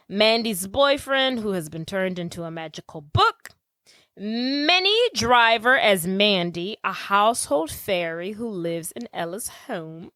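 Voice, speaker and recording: A woman co-hosting a casual movie-recap podcast, talking in an animated way full of quick asides and playful impressions. Her voice is bright and pitched a little high, and it is recorded dry and close. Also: no echo. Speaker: podcast co-host.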